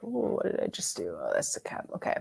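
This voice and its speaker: A woman's voice: extremely low pitch, huge pitch swings, a little fast, creaky, a little mellow, husky. A woman chatting casually on a live stream about perfumes from her bedroom, rambling with lots of fillers and giggles. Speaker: fragrance reviewer and live stream host.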